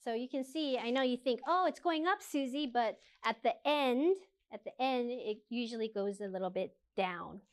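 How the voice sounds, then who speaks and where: High-voiced woman teaching English phrases. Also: darkish tone. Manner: slow, clear modelling of phrases, repeating each twice. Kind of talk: English lesson for learners.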